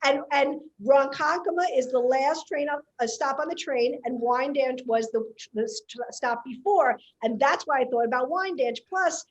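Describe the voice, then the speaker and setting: A woman comedian, telling a story in casual podcast chat, animated and chatty. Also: high voice, normal speed, hardly any pauses, lo-fi sound.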